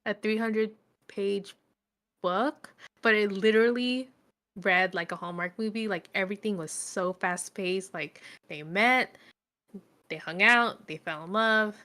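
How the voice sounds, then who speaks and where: A young woman casually recapping a book she read, chatty and full of fillers, retelling the plot in an animated way. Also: mid-range voice, unhurried. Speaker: book reviewer. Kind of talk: casual chat.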